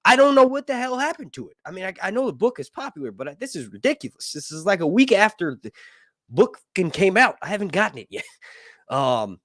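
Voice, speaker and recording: A man from the United States rants through a casual commentary in a loose, opinionated way, dropping fillers and tag questions. His voice sits a bit high and swings widely in pitch. The recording is dry, with no room echo. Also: sing-song, fairly quick, a bit bright. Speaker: YouTube commentator.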